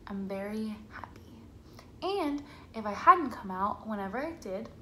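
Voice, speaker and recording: Young woman chatting to her camera, says like a lot, kinda high voice, faint background noise. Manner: chatty, says "like" a lot, quotes herself and family in lively voices. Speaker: vlogger. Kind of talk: casual storytelling to camera. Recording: echoey room with faint ambient noise.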